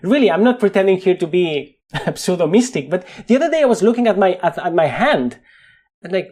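Spanish accent guy, kinda high voice, thinking out loud in an interview, restarts a lot, laughs at himself. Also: big pitch swings, brisk. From Spain. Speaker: guest, neuroscientist. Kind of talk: thoughtful interview conversation.

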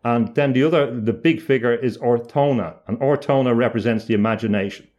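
A man speaking as an interview guest, explaining ideas in a reflective, halting way, often restarting mid-phrase with small pauses. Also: mid-range voice, darkish tone, highs cut off.

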